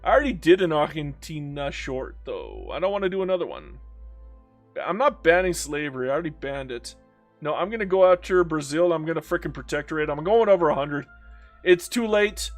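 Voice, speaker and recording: A man's voice: a little high, animated, a little fast. A young Canadian man commenting playfully on a strategy game, reading chat and mock-scolding the game. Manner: playful, theatrical, talks to the game. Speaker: gaming YouTuber. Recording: faint background music.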